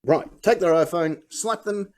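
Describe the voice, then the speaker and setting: Male comedy host, slightly high voice, laughs at his own jokes, live panel banter. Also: unhurried, a little mellow, a little hiss or hum.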